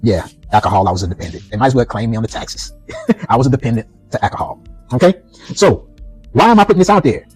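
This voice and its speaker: A middle-aged man talks through a personal story in a loose, conversational way, often checking in with "you know". His voice is husky, his pace is quick, and his pitch moves a lot. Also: expressive, darkish tone, faint music behind, poor audio. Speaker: vlogger. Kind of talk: personal reflective monologue.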